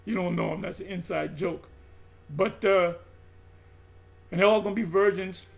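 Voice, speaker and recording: High gravelly-voiced preaching man. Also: normal speed. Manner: emphatic, repetitive, stumbles and restarts. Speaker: religious group teacher. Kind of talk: impassioned preaching monologue.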